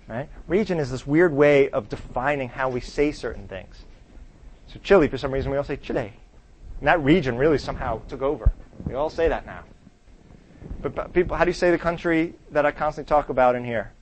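A man teaching a class in a conversational lecture style. He quizzes the students and keeps checking in with "right?". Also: a little high.

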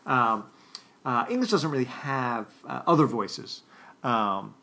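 A man lectures in an unscripted, thinking-aloud way, stopping and restarting his sentences. His voice carries a gravelly fry at the bottom, and his pitch sits in an ordinary middle range. He keeps turning to the listeners with a quick "right?". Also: lively intonation, pushed and bright. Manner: thoughtful, halting, many restarts and fillers; addresses listeners directly, often checking with "right?".

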